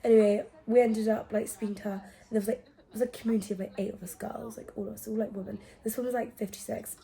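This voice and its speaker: A young woman vlogging casually, telling travel stories in an animated, giggly way with hushed asides. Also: medium pitch, quick pace, gravelly. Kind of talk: casual storytelling vlog.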